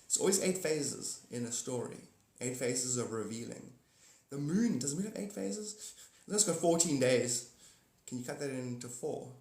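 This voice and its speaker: A man's voice: medium pitch, animated, normal speed, vocal fry, a little mellow. Guy rambling on his phone livestream, chatty, jumps topic to topic, roomy echo. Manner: giggly, jumps between topics, talks to viewers by name. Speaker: livestream host. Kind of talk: rambling casual livestream chat. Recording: echoey room.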